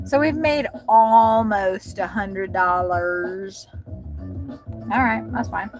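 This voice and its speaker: Slow-talking woman chatting from her car. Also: mid-range voice. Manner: rambling, swearing, thinking aloud. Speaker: delivery driver vlogger. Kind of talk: casual livestream chat. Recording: music loud behind voice.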